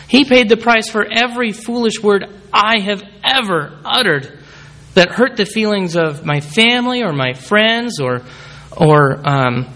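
A man's voice: sits high, sharp tone. A man preaching a sermon, reading scripture aloud and calling the congregation forward. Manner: calls the congregation forward at the close.

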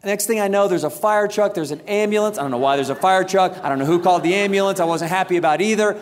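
A man with a high voice preaches a sermon in a large church auditorium. He tells his story with humor and acts out the quoted lines. His words ring with a long hall reverb. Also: fast talker, few pauses. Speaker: pastor.

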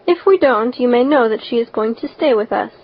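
A woman voicing a stern, practical older woman who speaks in a brisk, scolding way. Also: fairly high pitch, animated, breathy edge. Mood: measured. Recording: dull lo-fi recording.

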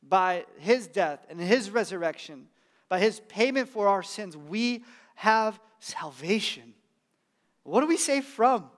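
High-voiced pastor preaching a sermon. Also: male voice, expressive, takes it slowly, fairly bright tone. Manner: conversational, emphatic preaching with casual asides.

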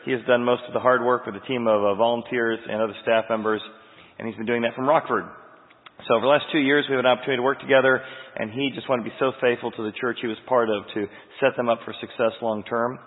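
A man making an announcement to a church congregation, talking quickly with fillers. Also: medium pitch, fairly even intonation. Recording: tinny phone-like sound with long hall reverb.

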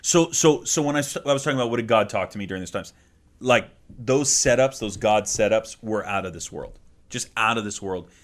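A man hosting a podcast, telling a personal story in an animated, emphatic way and laughing easily. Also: on the low side, a little fast. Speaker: podcast host. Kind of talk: casual storytelling chat.

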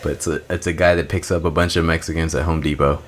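Deep-voiced man with dry quips. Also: flat delivery, fast talker, a little hiss or hum. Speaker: podcast co-host. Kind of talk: casual chat.

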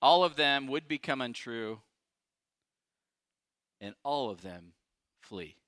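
A male pastor preaching a sermon, emphatic and dramatic, swinging from loud declarations to hushed asides. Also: medium pitch, animated, slow, no room sound, studio quality.

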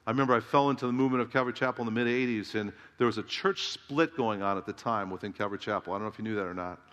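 A man's voice: on the low side, rapid-fire, fairly bright tone, muffled recording. Emphatic male preacher in a reverberant hall. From Southern California. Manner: emphatic preaching, rhetorical questions to the congregation. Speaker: pastor. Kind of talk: sermon. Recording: long reverb of a large hall.

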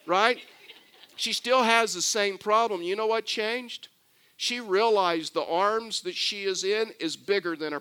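An older man preaching a sermon, mixing scripture with a lively family story and conversational asides. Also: sits high. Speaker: pastor.

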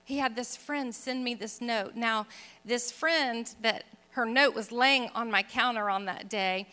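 A woman giving a personal testimony, telling her story earnestly and dropping to a soft hush at painful moments. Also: fairly high pitch, unhurried, clean tone. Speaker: speaker sharing her testimony. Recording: long reverb of a large hall.

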